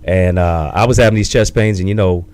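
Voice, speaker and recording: In an interview, a man in his thirties who is an author and speaker tells his life story in a reflective, measured way, peppered with catchy sayings. His voice is deep and a little mellow.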